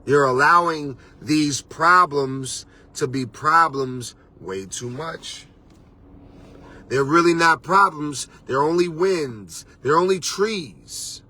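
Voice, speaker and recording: A man's voice: a little high, slow, bright, forceful tone. A man hosting a motivational talk as a life coach, preachy and casual, with street slang and repeated "you understand".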